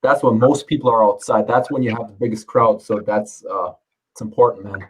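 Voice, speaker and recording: A man's voice: lowish voice, fairly quick, slightly rough, low-quality recording. A man chatting casually at home, rambling, swearing and laughing often. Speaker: streamer. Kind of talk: casual chat. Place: home, under curfew.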